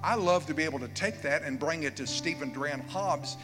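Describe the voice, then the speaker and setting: In a church sanctuary, a pastor in his 70s preaches a fervent sermon, pressing the congregation with repeated questions. His voice is a little high and brisk, and the recording has long hall reverb with faint music.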